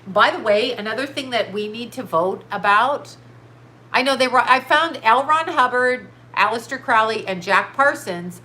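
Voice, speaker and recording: A woman's voice: on the high side, animated, moderate pace, pushed and bright. A woman hosting a casual psychic livestream, chatting in a scattered, blunt way and reading viewer comments aloud, her nose stuffed up. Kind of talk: casual rambling livestream chat.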